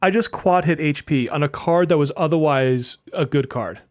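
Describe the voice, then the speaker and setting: A man's voice: a little high, normal speed, a little mellow, no room sound, clean studio sound, faint music behind. A man streaming a game live, joking and exasperated, often swearing and laughing as he talks to his viewers. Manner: talks to chat viewers directly. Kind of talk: live-stream gaming commentary.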